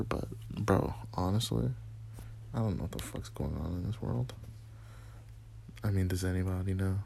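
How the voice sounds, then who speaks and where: Gravelly-voiced man rambling on a podcast. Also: fairly low pitch, darkish tone. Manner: rambling, profane, laid-back. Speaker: podcast host. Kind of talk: solo casual podcast talk. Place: small dark room.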